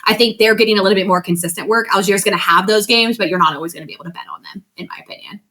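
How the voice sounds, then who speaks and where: A woman co-hosting a fantasy football podcast in casual chat, animated and blunt, swearing casually as she rants. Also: medium pitch, racing.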